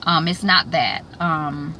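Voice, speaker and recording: A woman host chatting casually in a vlog recap, rambling with many fillers and restarts, now and then bursting with excitement. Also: low voice, takes it slowly, slight background noise.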